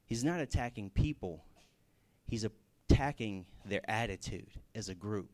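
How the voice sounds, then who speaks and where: A man preaching a sermon in a casual way, telling stories with lively bursts and everyday fillers. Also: fairly low pitch, a little slow. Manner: casual, animated storytelling with fillers. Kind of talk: sermon with storytelling.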